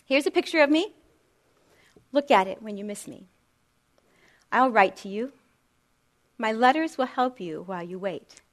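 Gentle, loving young prince, soft-spoken and reassuring; a woman voices him. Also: sits high. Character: gentle loving young man, a king's son.

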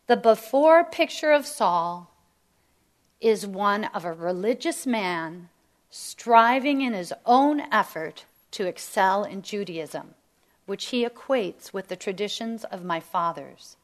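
A woman's voice: medium pitch, animated. A woman teaching a Bible study to women, emphatic and sometimes dropping to a near whisper. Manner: slow, emphatic, drops to near whisper at key lines.

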